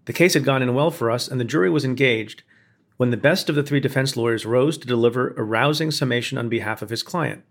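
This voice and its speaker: A man, a former prosecutor, reading a scripted opinion essay in a measured, pointed way with building emphasis. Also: mid-range voice. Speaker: former prosecutor narrating commentary.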